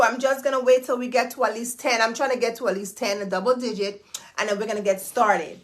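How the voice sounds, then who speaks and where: Woman, livestream host, high bright voice, playful and pleading, repeats words. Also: fairly even intonation, fairly quick. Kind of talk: casual livestream chat.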